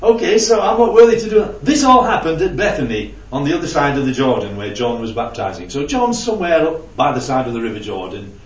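A man's voice: a little high, animated, a little fast, few pauses. A man leading an informal Bible study with a small group, talking conversationally and often checking in with "right?" and "yeah?". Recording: roomy, distant, dull lo-fi recording.

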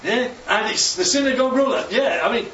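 A man preaching a sermon, lively and constantly checking in with his listeners by asking "right?" and "yeah?". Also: extremely high pitch, a little fast, a little hiss or hum. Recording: echoey, distant, dull sound with faint ambience.

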